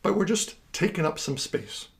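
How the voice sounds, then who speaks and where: A man's voice: on the high side, big pitch swings, normal speed, gravelly. A man instructing a guided exercise, counting out rhythms with energy and explaining the reasons behind each step.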